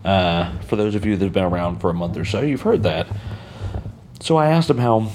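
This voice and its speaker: A very deep-voiced American man hosts his podcast alone, musing in a loose, rambling way full of fillers and restarts. He's outdoors on a balcony, with a faint outdoor ambience underneath. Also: brisk, a little mellow, slight background noise. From United States. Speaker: podcast host. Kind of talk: casual solo monologue.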